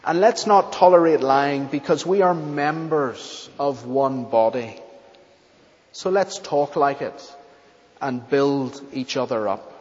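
A man preaching a sermon and leading a closing prayer in a church, with an earnest, measured delivery and deliberate pauses. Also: on the high side, darkish tone. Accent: not English. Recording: dull lo-fi church recording with long reverb.

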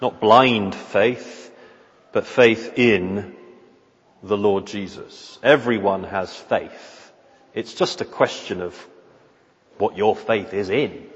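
A man preaching a sermon in an earnest, measured way, often posing rhetorical questions. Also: fairly low pitch. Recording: reverberant hall, dull lo-fi sound.

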